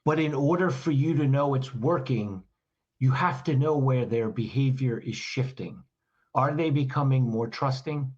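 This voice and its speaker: A man talks through his ideas in a direct, teacherly way, stacking up rhetorical questions as he goes. His voice sits at an ordinary pitch, and the recording sounds dull and a little lo-fi. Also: moderate pace, darkish tone. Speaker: communication trainer, guest. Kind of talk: explanatory podcast conversation.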